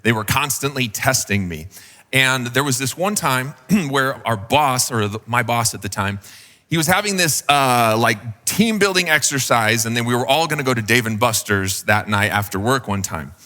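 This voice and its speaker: A man's voice: mid-range voice, animated, normal speed, bright, forceful tone, big-room sound. A man preaching a sermon as pastor, telling a story casually with fillers and acted quotes.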